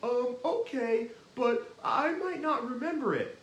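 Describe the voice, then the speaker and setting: A man's voice: very high voice, animated, unhurried, a bit bright, reverberant, dull audio, pitched above the performer's own voice, heavily acted. A man voicing an eager, curious young male hand puppet who talks hesitantly and asks questions, with a children's show feel. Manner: hesitant, questioning, easily impressed.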